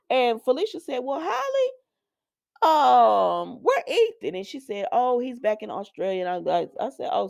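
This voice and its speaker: A woman's voice: mid-range voice, creaky, a little mellow, no room sound, studio quality. A woman recapping a soap opera episode in a casual, opinionated and colloquial way, laughing often.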